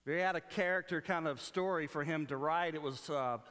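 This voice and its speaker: A man preaching from the pulpit of a church, his voice a touch higher than most men's. He retells a story scene by scene, quoting its characters and restarting his phrases as he goes. Long reverb from the hall trails each line. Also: fairly quick, fairly bright tone. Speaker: pastor. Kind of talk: sermon.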